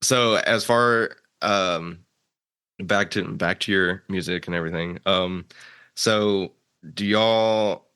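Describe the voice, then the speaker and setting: A man's voice: sits low, takes it slowly, bright, forceful tone, clean tone. A young man hosting a podcast, talking casually with lots of fillers and laughter. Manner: laid-back, laughs often, many fillers and restarts. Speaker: podcast host. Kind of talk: casual chat.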